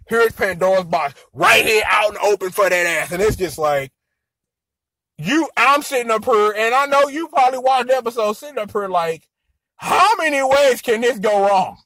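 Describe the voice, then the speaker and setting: Young male reviewer, very high bright voice, slangy and animated, dry close sound. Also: no echo. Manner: animated, slangy, acts out characters in quoted voices. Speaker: anime and tokusatsu episode reviewer. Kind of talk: casual review rant.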